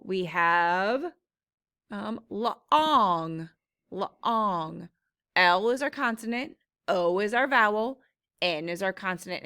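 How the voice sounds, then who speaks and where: A woman's voice: medium pitch, a bit bright. A woman teaching a phonics lesson, speaking patiently and sounding out each word. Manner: slow, patient, sounds words out.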